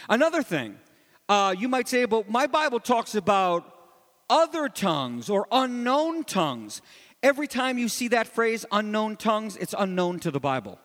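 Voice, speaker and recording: Animated preacher man in a reverberant hall. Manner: animated teaching, swings from loud emphasis to low asides. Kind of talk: expository sermon.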